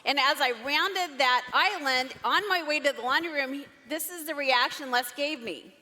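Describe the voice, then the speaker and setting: Woman telling a story to a crowd, lively and expressive, big echoey hall sound. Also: sits high, moderate pace, slight background noise. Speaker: marriage seminar co-presenter. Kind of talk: storytelling to a live audience. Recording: long hall reverb.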